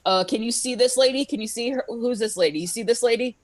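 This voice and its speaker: A woman doing stand-up over a home live stream, her voice sitting a little high as she deadpans one-liners. She keeps cracking up at her own jokes and talks straight into her computer mic. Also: fast talker. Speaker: stand-up comedian. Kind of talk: online stand-up set.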